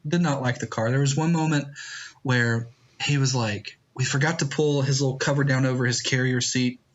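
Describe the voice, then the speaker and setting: A man's voice: mid-range voice, steady tone, moderate pace, dull audio. A man in his thirties, a pastor guesting on a podcast, telling family stories casually with lots of chuckles. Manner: laughing storyteller with frequent fillers. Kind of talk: casual chat.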